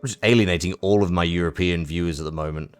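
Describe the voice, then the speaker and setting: A man's voice: low voice, fast, smooth, soft background music. A man streaming a game, rambling in a self-mocking way as he comments on it.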